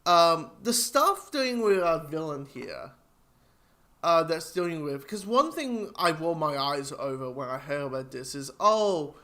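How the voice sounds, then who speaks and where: A man giving a casual, rambling episode review, swearing and acting out quotes. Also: bright, forceful tone. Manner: rambling, swearing, acts out quotes with sudden jumps in pitch.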